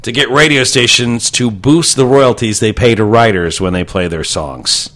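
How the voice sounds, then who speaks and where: A man's voice: medium pitch, normal speed, a bit bright. A man co-hosting a radio show, reading odd news stories aloud in casual, wry banter. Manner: reads news items aloud, wry, loose and rambling.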